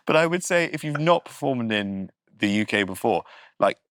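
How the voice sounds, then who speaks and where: A man with an English accent, a comedian guest in a casual podcast chat, wry and self-deprecating and quick to laugh. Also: medium pitch, fairly bright tone, smooth, no echo, studio quality. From Britain.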